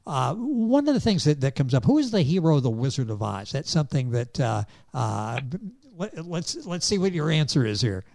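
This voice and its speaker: A man hosts an interview in a mellow, low-lit voice, pausing on fillers as he gathers his thoughts. His sound is dry and close, with no room around it. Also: big pitch swings, gravelly, dry recording. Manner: hesitant, with many fillers while recapping. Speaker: host. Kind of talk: interview hosting.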